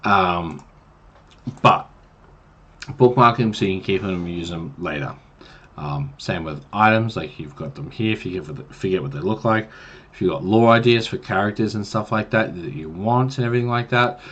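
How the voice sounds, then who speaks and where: A man's voice: low-pitched, normal speed, a bit bright, slightly rough. A man casually giving tips to new game masters on a livestream, rambling and chatty with many fillers. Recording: dull lo-fi stream mic.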